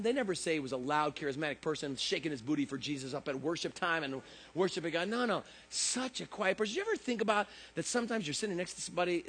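Animated, joking man preaching. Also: on the high side, breathy edge. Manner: joking, animated, acts out quotes in voices. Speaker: pastor. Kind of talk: lively comedic sermon. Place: church service.

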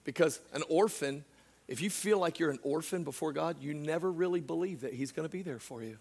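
A male pastor with a Southern US accent preaching a sermon, swinging from hushed asides to shouted declarations. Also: a little high, brisk, gravelly, breathy edge. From Southern United States. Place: church.

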